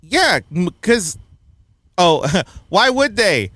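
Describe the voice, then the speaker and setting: A man's voice: high-pitched, very animated, very slow, fairly bright tone, dry recording, studio quality. A man hosting a casual film review chat, blunt and opinionated, often laughing at his own points. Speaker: podcast host reviewing a film.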